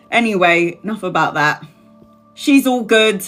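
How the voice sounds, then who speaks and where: A woman's voice: mid-range voice, fairly bright tone. Chatty woman in her forties, self-mocking live-stream host; faint music under her. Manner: chatty, self-mocking, swears, laughs often. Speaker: tarot reader live-streaming. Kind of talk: casual live-stream chat.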